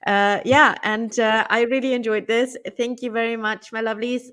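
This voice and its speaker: A woman's voice: on the high side, fairly even intonation, moderate pace, a bit bright. Chatty woman hosting a video chat. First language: German. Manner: chatty, affectionate sign-offs. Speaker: channel host.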